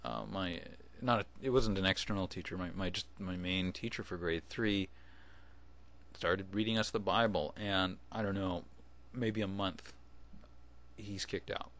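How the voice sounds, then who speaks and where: A man with a fairly low voice talks casually into his webcam, rambling through his thoughts. He restarts his sentences often and chuckles along the way. The sound is dull and lo-fi, like a cheap built-in mic. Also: fairly even intonation, a little slow, fairly bright tone. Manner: rambling, self-interrupting with chuckles. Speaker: video blogger. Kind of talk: casual video response.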